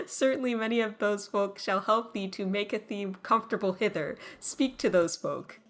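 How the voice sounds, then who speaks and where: A woman voicing a solemn temple guide in a video game, speaking slowly in formal, old-fashioned phrasing. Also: medium pitch, lively intonation, lightly acted.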